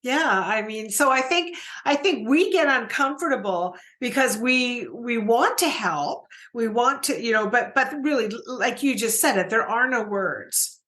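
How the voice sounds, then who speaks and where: A woman's voice: fairly high pitch, expressive, a little slow, hardly any pauses, a bit bright. A middle-aged woman hosting an interview, asking searching questions that ramble with many restarts. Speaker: podcast host. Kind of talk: interview conversation.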